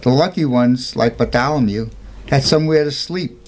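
A man telling the story of a saint in an informal, earnest way, with emphatic rhetorical questions. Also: moderate pace. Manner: earnest, emphatic, rhetorical questions, raises pitch for quoted voices. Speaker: storyteller presenting a saint's life.

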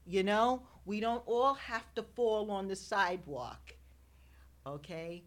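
A woman's voice: medium pitch, slow. A woman, a radio guest, giving an inspirational faith talk with preacherly rises and falls. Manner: preacherly, rising and falling with emphasis.

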